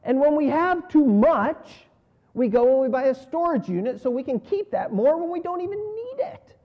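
A man preaching a sermon in an earnest style, rising on key words and falling low at the ends of phrases. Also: big pitch swings, normal speed. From North America. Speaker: pastor. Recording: dull lo-fi sound.

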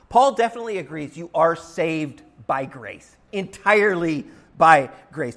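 Guy preaching in church, pretty high voice, leans hard on key words. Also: fairly bright tone. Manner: emphatic, conversational preaching with rising stresses. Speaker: pastor. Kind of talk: sermon. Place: church sanctuary.

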